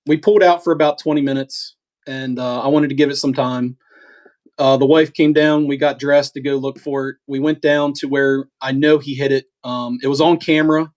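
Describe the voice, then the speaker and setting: A middle-aged man telling a story in a casual, animated way, halting with restarts and acting out what was said. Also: mid-range voice. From eastern United States. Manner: animated, halting with restarts, acts out quoted talk. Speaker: podcast co-host telling a hunting story.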